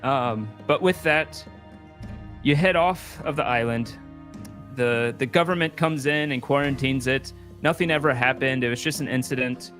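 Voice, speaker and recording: A man's voice: medium pitch, moderate pace, fairly bright tone, soft background music. A man narrating a tabletop game as game master, in a hesitant, filler-heavy way.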